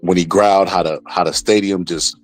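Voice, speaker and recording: A man with a very low voice talks as a guest in a casual livestream chat. He is earnest and advice-giving and tells stories from his own work, with faint music behind him. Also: steady tone, brisk, no room sound. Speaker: guest commentator.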